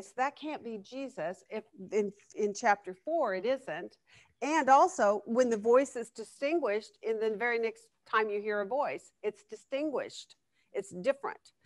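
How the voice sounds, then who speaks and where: A woman leads a live Bible study class, reading verses aloud and turning to the class with questions. Her voice sits fairly high and sounds dry and close. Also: a bit bright, no echo. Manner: conversational, asks the class questions, reads scripture aloud.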